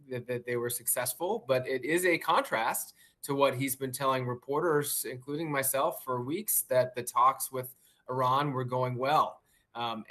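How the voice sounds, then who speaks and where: A man reporting live as a news correspondent, measured and pausing on fillers and restarts. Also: mid-range voice, sharp tone. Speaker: White House correspondent.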